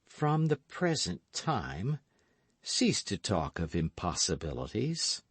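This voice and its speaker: A man's voice: on the low side, very animated, slow pace, no room sound, exaggerated voice. A man reading an audiobook, voicing a vindictive, scheming noblewoman in a coaxing, calculating manner.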